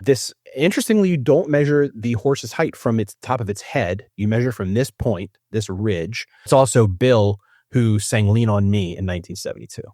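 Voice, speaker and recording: A man's voice: on the low side, moderate pace, warm tone, dry recording, studio quality. A man hosting a trivia quiz, playful and chatty as he explains facts. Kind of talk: casual game-show hosting.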